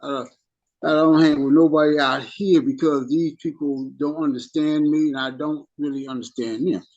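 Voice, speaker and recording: A man's voice: a little high, fairly even intonation, moderate pace, darkish tone, muffled recording. A middle-aged man who spent time in prison, sharing a heated story in a support group and often stammering and restarting his sentences. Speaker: formerly incarcerated group member.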